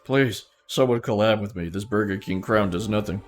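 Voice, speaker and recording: Deep-voiced man in playful stream chat. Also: moderate pace, soft background music. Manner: playful and theatrical, talks straight to his chat. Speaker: streamer playing a king persona. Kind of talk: casual live-stream chat.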